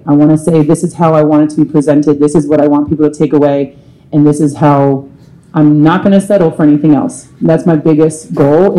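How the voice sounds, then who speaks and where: A woman's voice: low voice, rough recording. A woman singer, a guest on a live panel at a bar, telling candid and profane stories. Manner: profane, animated storyteller.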